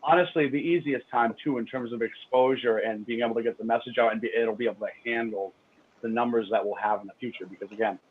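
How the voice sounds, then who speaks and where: A man co-hosting a radio talk show, chatting excitably with large jumps in pitch. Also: fast talker, slight background noise. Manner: excitable, with big swings in pitch. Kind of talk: casual talk-show chat. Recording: phone-line call-in audio.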